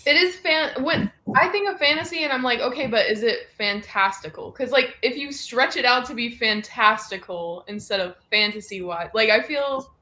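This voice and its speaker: A woman on a reading livestream who thinks out loud and rambles as she works through her point. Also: on the high side, normal speed, few pauses. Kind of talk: casual chat on a reading livestream. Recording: echoey room over a video call.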